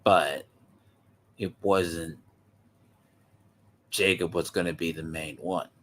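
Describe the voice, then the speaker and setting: Deep-voiced man giving casual commentary. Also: steady tone, slow pace, fairly bright tone, slight background noise. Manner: opinionated, asks a friend to agree. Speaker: video host reacting to a clip.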